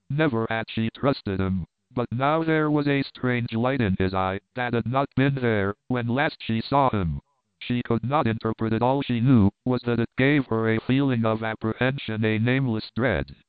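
A man narrating an adventure novel in a steady, measured reading. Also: medium pitch, smooth, no echo. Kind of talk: audiobook narration of adventure fiction. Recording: tinny, band-limited dry audio.

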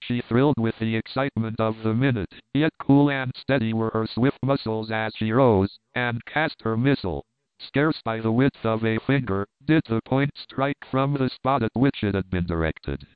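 A man narrating an adventure novel in a steady, measured reading. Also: fairly low pitch, smooth, no echo. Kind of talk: audiobook narration of adventure fiction. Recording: tinny, band-limited dry audio.

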